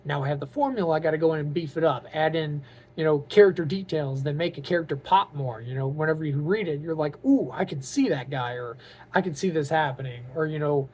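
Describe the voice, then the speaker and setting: A man's voice: a little high, fairly quick, a little mellow, breathy edge. A man talking to camera in a casual vlog, earnest and openly emotional, rambling with lots of "like" and "you know". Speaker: vlogger and aspiring author.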